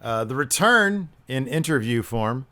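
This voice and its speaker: A man hosting a podcast in casual chat, retelling events with lively acted-out quotes. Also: mid-range voice, unhurried. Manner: animated retelling, acts out quotes. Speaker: podcast host.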